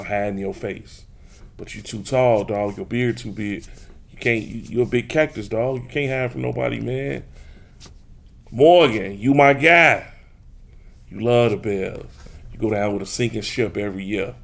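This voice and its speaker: A man's voice: on the low side, steady tone, normal speed, vocal fry. A man from hosting a sports talk show, teasing rival fans in a boastful, casual way and speaking straight to his listeners. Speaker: podcast host. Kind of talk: trash-talking casual sports chat.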